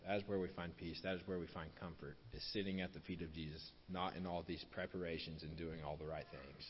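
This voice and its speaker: A man delivers a sermon in a low voice, driving his points home by repeating them. The recording sounds dull and lo-fi, with a long reverb trailing off through a large hall. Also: fairly even intonation, fast, slight background noise. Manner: repeats key phrases for emphasis, drops softer on closing lines. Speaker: preacher.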